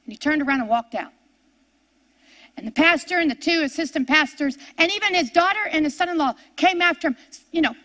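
High-pitched older woman preacher, emphatic storytelling with repeats and hushed turns. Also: lively intonation, fairly quick. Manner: repeats words and phrases, dramatic swings from emphatic to hushed. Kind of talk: sermon storytelling.

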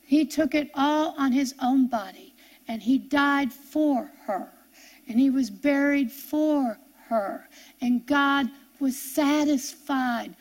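A middle-aged woman preacher giving an earnest sermon testimony, storytelling with halting restarts and building to impassioned preaching. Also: high-pitched.

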